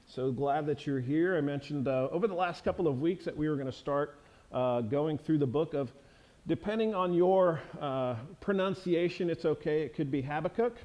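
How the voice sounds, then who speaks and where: A pastor delivering a sermon in a church, talking conversationally with many fillers and restarts. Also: male voice, on the high side, normal speed, a little mellow.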